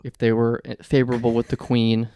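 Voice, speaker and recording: Smooth-voiced podcast brother. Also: male voice, mid-range voice, completely flat delivery, brisk, warm tone, dry recording. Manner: playful, rambling. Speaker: podcast co-host. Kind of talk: casual chat.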